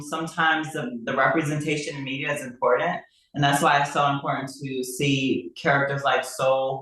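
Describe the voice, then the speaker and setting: A woman's voice: low voice, a bit bright. Actress guest, woman, sincere and thoughtful, recorded distant and echoey. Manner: earnest, reflective. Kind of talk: video interview answers. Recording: echoey room, far from the mic.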